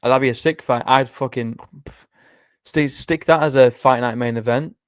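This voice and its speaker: A man's voice: mid-range voice, moderate pace, clear, resonant tone, dry recording. Tired, chatty man, dry close mic. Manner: chatty, swears often, reads chat aloud. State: tired, yawning. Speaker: livestream host making fight predictions. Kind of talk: casual chat.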